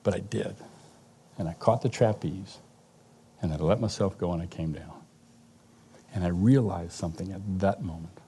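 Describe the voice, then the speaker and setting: Middle-aged guy sharing his testimony, low mellow voice, halting and restarting as he tells it. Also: gravelly, a little hiss or hum. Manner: storytelling, halting restarts, occasional laughs. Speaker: father giving a testimony. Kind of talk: personal testimony story.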